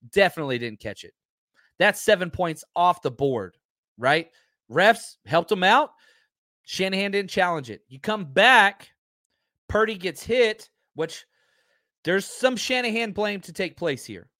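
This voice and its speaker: A man's voice: a little high, fairly bright tone, dry recording, studio quality. A man hosting a sports talk livestream, ranting with heat and reading out viewer comments. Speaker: livestream host.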